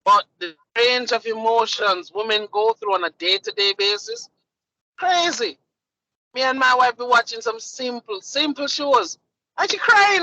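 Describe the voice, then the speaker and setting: On a casual group podcast, a male co-host tells stories with real animation, acting out what people said in lively voices. His pitch is extremely high and his pace measured. The recording is dry and the audio quality poor.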